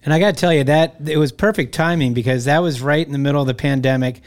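A man with a fairly high voice hosts the interview. He asks his questions in an easygoing, rambling way, circling back as he talks. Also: fast talker. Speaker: interview host. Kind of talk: interview chat.

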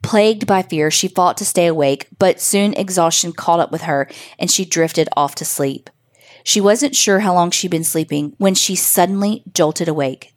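A woman narrating a scripted spooky story for children in a measured, suspenseful way. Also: sits low.

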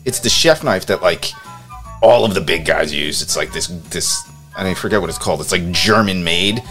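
A man's voice: low-pitched, moderate pace, fairly bright tone, faint music behind. A man co-hosting a casual podcast chat, eager and reactive, who often repeats his words as he talks. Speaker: podcast co-host.

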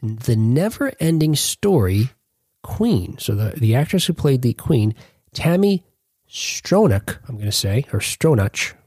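A male podcast host with a husky, breathy edge to his voice and a pitch that swings up and down as he talks. He rambles through his points and stops often to correct himself, trading jokes in easy casual chat. The sound is dry and close, with no room around it. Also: very animated, unhurried, warm tone, no room sound. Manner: rambling, self-correcting, jokey.

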